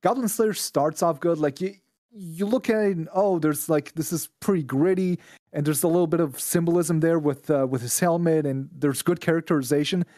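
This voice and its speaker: A man's voice: a little high, normal speed, warm tone, dry recording, clean studio sound. A man from Israel, a podcast guest, ranting bluntly and with plenty of swearing in casual chat.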